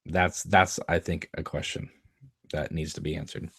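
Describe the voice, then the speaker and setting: A man with a very deep voice talks casually as he comments on an episode, laughing often and repeating lines he hears on screen. The sound is close and dry, with no room echo. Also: little pitch movement, normal speed, a bit bright, breathy edge. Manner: chatty, laughs often, quotes lines from the scene. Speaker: show host commenting on an episode.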